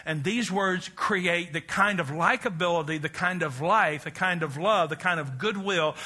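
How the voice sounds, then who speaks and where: A middle-aged male preacher with a high, brilliant, ringing voice. He preaches emphatically and has the congregation repeat phrases back to him. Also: sharp tone. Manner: emphatic, call-and-response with congregation. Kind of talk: sermon.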